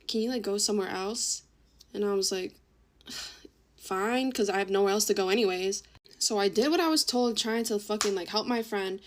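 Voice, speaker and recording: A late-teen woman telling a rambling story in casual chat, swearing a lot and saying "like" often. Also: medium pitch. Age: late teens. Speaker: TikTok storyteller.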